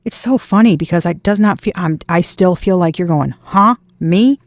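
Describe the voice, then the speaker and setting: A woman with a low, gravelly voice and a dark, mellow tone delivers a casual tarot reading straight to her viewers. She talks emphatically, keeps circling back to the same points and swears without a second thought. The sound is dry and close, with no room around it. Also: a little fast, dry recording. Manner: emphatic, repetitive, swears freely. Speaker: tarot reader.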